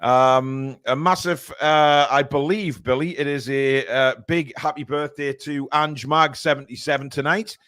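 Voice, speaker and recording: A man's voice: medium pitch, steady tone, unhurried, hardly any pauses, fairly bright tone, clear, resonant tone, dry recording, studio quality. A man from England hosting a live football fan stream, chatting casually with many fillers and reading out viewer comments.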